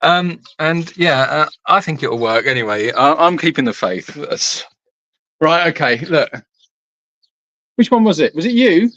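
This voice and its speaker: Flustered Glaswegian man, lively pitch. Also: a little slow, no room sound, muffled recording. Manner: flustered, swears mildly, laughs through it. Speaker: sanctuary co-host. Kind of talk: casual livestream chat.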